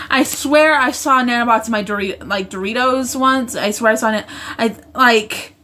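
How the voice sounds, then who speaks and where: A woman's voice: on the high side, moderate pace, pushed and bright, slight background noise. A woman hosting a casual livestream from home, reading viewer comments aloud and rambling, often stopping to correct herself mid-sentence. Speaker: livestream host. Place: indoors at home, roommate in the next room.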